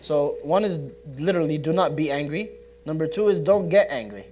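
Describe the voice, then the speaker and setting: A young male religious teacher leads a casual, interactive study circle in a community center classroom, questioning the audience, joking and laughing. His voice is a little high and darkish, with lively intonation and a fairly quick pace, over slight background noise.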